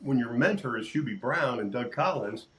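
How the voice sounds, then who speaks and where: An older sportscaster telling lively stories in a casual interview, acting out quotes and laughing often. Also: male voice, mid-range voice, normal speed, poor audio. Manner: animated storyteller, acts out quotes, laughs often. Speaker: sportscaster guest.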